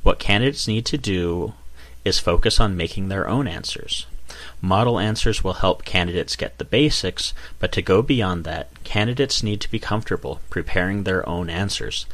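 A man with a very low, deep voice explains things in a calm, measured way. The recording is dry and close, with no room sound around him. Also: no echo. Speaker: IELTS examiner. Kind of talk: scripted explanation.

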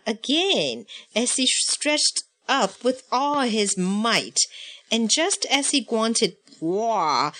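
A woman's voice: mid-range voice, fairly bright tone. A woman reading a picture book aloud in a playful way, chanting the sound effects. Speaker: storybook reader.

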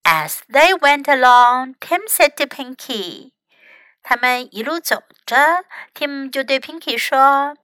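A woman English teacher reading a children's story aloud and teaching sentences, slow and clear. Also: high voice, expressive, bright, forceful tone, dry recording, poor audio. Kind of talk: bilingual storybook narration and lesson.

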